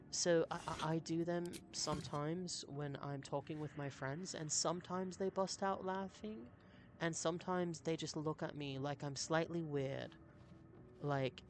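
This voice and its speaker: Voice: medium pitch, slight background noise. A streamer giving cheerful live commentary while playing a game and reading chat messages aloud. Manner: chatty, upbeat, reads chat aloud.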